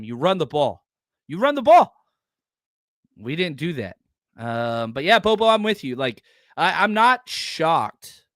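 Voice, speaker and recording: Animated man hosting a fan podcast. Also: a little high, no room sound, clean studio sound. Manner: animated, blunt, reads out viewer chats. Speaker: podcast host. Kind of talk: live postgame fan reaction show.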